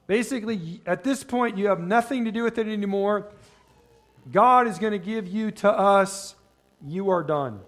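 A man preaching a sermon in a conversational way. He asks the congregation questions and slows down when reading scripture. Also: high voice. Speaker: pastor.

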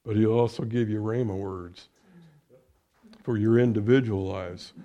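A middle-aged man preaching as a pastor, lifting his voice loud on scripture and dropping to quiet, conversational asides. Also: lowish voice, steady tone, unhurried, highs cut off. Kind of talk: sermon.

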